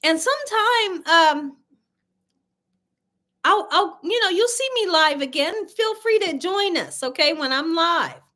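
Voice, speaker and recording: A woman's voice: very high voice, expressive, unhurried, bright, forceful tone. A middle-aged woman hosting a casual livestream, chatting with viewers, reading their comments aloud and telling stories with frequent laughter. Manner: chatty storyteller, laughs often, addresses viewers as y'all. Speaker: cooking channel host.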